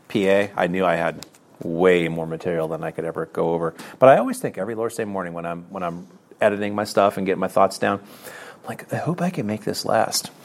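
A middle-aged man delivers a sermon in a low, gravelly voice. He talks earnestly and plainly, circling back on phrases for emphasis and breaking into self-deprecating asides. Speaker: preacher.

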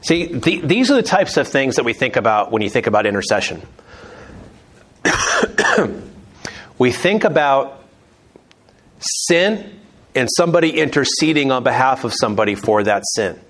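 A man's voice: medium pitch, very animated, a little slow, pauses often, fairly bright tone. A man leading a conversational Bible teaching, chatty, with joking asides and restarts.

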